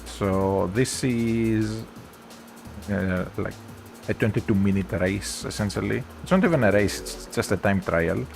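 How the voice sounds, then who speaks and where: A man with a thick Greek accent, chatting through a relaxed game stream. His voice sits low and has a gravelly edge, and he rambles easily with plenty of fillers. Faint game music plays behind him. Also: unhurried. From Greece. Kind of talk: casual gameplay chat.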